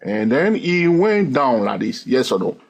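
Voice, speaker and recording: A trading instructor teaches a chart-reading lesson, counting the waves aloud and constantly checking in with "okay?" and "yes or no?" His mid-range voice swings widely in pitch, unhurried and with vocal fry.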